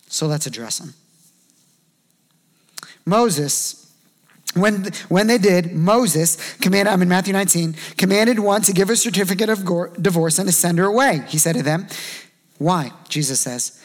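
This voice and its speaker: A man preaching a sermon in a conversational way, acting out short quoted voices along the way. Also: high voice. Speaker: pastor.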